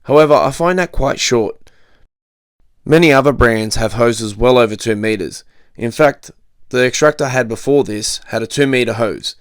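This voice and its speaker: A man reviews a cleaning machine with dry, cheeky humor, landing innuendo jokes in a matter-of-fact tone. His voice sits at an ordinary middle pitch. The recording is close and dry, with little room sound. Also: normal speed, no room sound. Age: adult, married. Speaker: product reviewer. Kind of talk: comedic product review.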